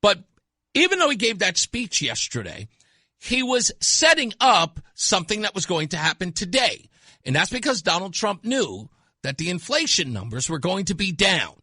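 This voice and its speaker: Mocking, lively male talk radio host. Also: high-pitched, moderate pace, no echo, clean studio sound. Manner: mocking, scornful, laughs at callers. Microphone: studio mic.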